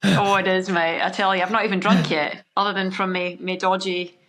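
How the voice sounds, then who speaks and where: Scottish lady guest, lower voice, super bubbly and all guns blazing. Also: flat delivery, brisk, a bit bright. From Scotland. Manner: bubbly, high-energy, exclamatory. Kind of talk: casual chat.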